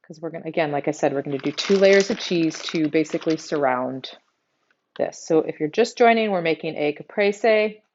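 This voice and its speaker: A woman's voice: deep voice, fairly quick, darkish tone, highs cut off, slight background noise. Chatty Texan woman cooking live. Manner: casual, chatty, thinks aloud while working. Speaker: cooking show host. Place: home kitchen.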